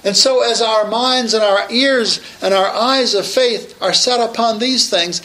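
Male preacher, bright and sharp-toned, emphatic sermon delivery. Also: sits high, animated, a little slow, echoey room, slight background noise, rough recording. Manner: emphatic, raises voice to proclaim.

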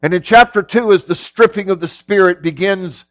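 A middle-aged male pastor preaching a sermon in a folksy way, moving between low, quiet teaching and loud shouting. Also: moderate pace, no echo. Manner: folksy, drops into casual grammar.

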